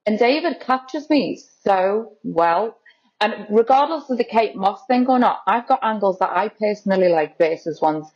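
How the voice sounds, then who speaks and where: A chatty woman talking casually as an interview guest, often breaking into laughter. Her voice sits at a middle pitch, and the recording sounds slightly dull and muffled. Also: animated, moderate pace, darkish tone. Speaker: guest, lookalike model.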